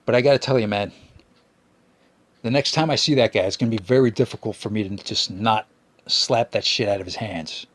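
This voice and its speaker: A man's voice: lowish voice, brisk, fairly bright tone, dry recording. A man hosting a podcast, ranting and complaining in a rambling, profane way, full of restarts. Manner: whiny complaining. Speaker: podcast host. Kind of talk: ranting monologue.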